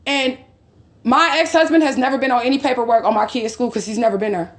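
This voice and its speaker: A woman's voice: fairly high pitch, fast talker. A woman vlogger angrily telling a personal story, cursing often and retelling a quarrel in quotes.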